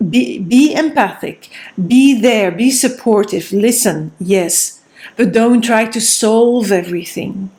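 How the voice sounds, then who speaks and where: A woman's voice: medium pitch, darkish tone. A woman giving a tarot card reading, offering earnest, repetitive advice straight to her viewers. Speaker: tarot reader.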